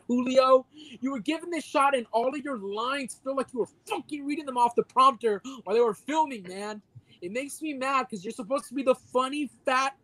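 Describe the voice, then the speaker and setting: A man's voice: very high-pitched, fairly bright tone, no echo, poor audio. A man co-hosting a casual podcast, delivering a heated, profanity-filled mock rant. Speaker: podcast co-host.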